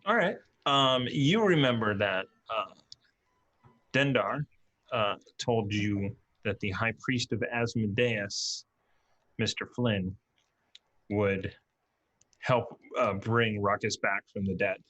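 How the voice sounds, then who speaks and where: A man as dungeon master, running a tabletop game and pausing with fillers as he improvises rulings. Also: lowish voice, a bit bright. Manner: hesitant, lots of fillers while improvising.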